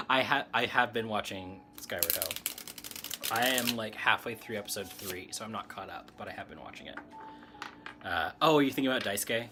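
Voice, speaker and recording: A man's voice: on the low side, moderate pace, long pauses, music in the background. A man giving a casual, rambling tarot chat, answering comments and laughing often. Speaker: tarot reader and streamer. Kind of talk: casual spiritual chat, reading tarot cards.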